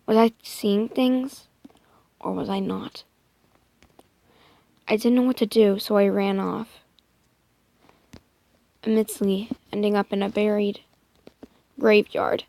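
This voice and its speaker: Woman making up a story as she goes, slow and gravelly, keeps dropping to a whisper. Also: mid-range voice, fairly even intonation, no echo. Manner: hesitant, soft, slipping into whispers, self-correcting. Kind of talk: improvised first-person story narration.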